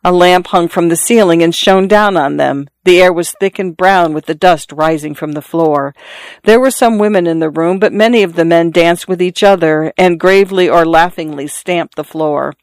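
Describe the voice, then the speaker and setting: A narrator reads a literary story aloud at a measured, steady pace. The voice sits in a middle pitch. The recording is dry and close. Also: clean tone, no room sound. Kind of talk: audiobook narration.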